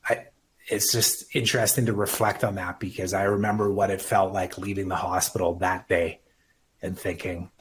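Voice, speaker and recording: A man's voice: sits low, flat delivery, normal speed, a little hiss or hum. A man in his thirties, a podcast guest, talking earnestly and emphatically about his life, swearing casually. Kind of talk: emotional personal conversation.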